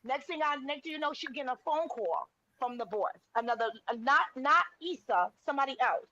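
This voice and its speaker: High-voiced woman retelling gossip. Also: brisk, bright, forceful tone, dry recording, dull audio. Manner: retells stories acting out quotes, frequent "wait" interjections. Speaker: podcast co-host. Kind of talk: casual gossip chat.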